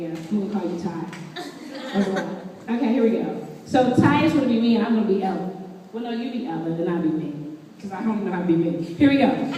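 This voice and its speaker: A woman giving a lively motivational talk to an audience, playful and animated, quizzing the listeners. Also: sits high. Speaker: speaker addressing an audience. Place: event room with tables. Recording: echoey hall, mic from far off.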